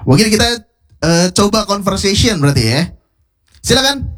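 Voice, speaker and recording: A woman's voice: medium pitch, very animated, brisk. A woman co-hosting an English lesson, often affirming and echoing the others. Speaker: co-host.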